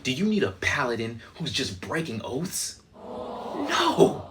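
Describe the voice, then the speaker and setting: A man's voice: wildly swooping pitch, noisy background. A man voicing a brash, crude male mage in a parody campaign advertisement. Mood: hard-sell. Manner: brash, crude, rapid-fire pitch.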